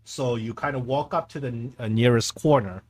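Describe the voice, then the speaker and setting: A man narrating a tabletop game as game master, describing scenes in a halting way and often repeating words. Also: mid-range voice.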